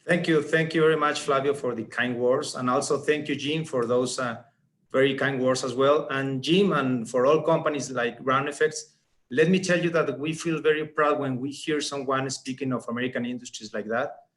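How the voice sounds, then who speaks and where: A man's voice: mid-range voice, steady tone, normal speed, a bit bright. Earnest man giving a business talk. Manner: earnest, emphatic, persuasive. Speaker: regional director presenting. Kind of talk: business presentation.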